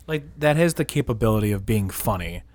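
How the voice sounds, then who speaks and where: A man's voice: fairly low pitch, expressive, brisk, darkish tone, no room sound. A man hosting a podcast in loose, joking casual chat, laughing easily. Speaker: podcast host.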